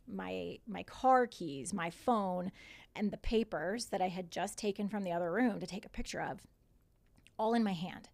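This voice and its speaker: A woman in her forties with a mid-range voice and vocal fry appears as a podcast guest. Her talk is casual storytelling, full of animation, quoted remarks and swearing.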